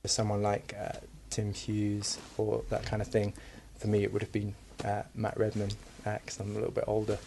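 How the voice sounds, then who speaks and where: A man answers interview questions casually and candidly in a comedy sketch. His voice is low and gravelly, with little rise and fall in pitch. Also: completely flat delivery, normal speed, few pauses, dark tone, slight background noise. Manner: casual, candid, laughing easily.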